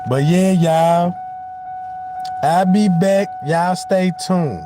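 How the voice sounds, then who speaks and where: A man's voice: sits high, very slow, music in the background. A man hosting a livestream and telling a rambling comic story, laughing often. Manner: rambling, keeps asking "you know what I'm talking about", laughs often. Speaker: livestream host.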